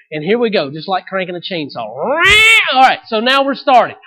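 High-voiced preacher with dramatic swings. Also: male voice, very animated, normal speed, rough recording. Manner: dramatic preaching with sudden loud outbursts and soft drops. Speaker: pastor. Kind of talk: sermon.

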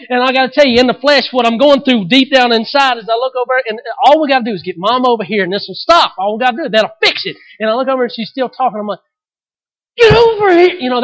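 A man in his thirties preaching a sermon, swinging from loud outbursts to hushed, soft passages. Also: very high voice, poor audio. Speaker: pastor.

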